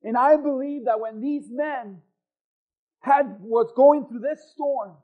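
A man preaching a sermon as pastor, swinging from loud, emphatic lines to hushed ones. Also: very high voice, slow. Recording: thin phone-like sound.

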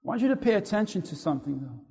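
A man preaching a sermon to a congregation, animated and asking the audience questions. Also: high-pitched, racing, gravelly, breathy edge. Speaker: pastor. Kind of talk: sermon with audience call-and-response. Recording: echoey hall reverb.

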